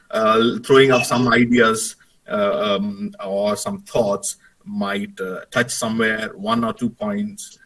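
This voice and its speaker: A man's voice: fairly low pitch, a bit bright, breathy edge, far from the mic, rough recording. A man giving a lecture and telling an anecdote, hesitant, with many fillers and restarts. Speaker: guest lecturer, Jesuit priest.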